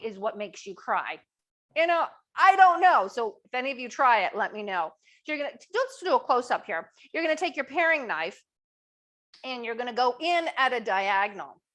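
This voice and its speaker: A woman's voice: fairly high pitch, sharp tone. A middle-aged woman hosting a live online cooking demo, upbeat and chatty, asking viewers to type answers in the chat. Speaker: cooking class host.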